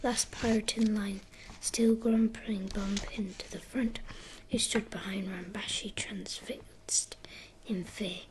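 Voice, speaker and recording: A woman reading a children's story aloud in a soft, unvoiced ASMR whisper. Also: mid-range voice, fairly even intonation, slow, slight background noise, poor audio.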